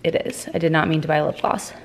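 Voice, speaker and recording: A woman's voice: low voice, steady tone, a little hiss or hum. Chatty young woman vlogging to camera. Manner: chatty, slangy, quick asides. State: out of breath after a workout. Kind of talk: casual vlog chat.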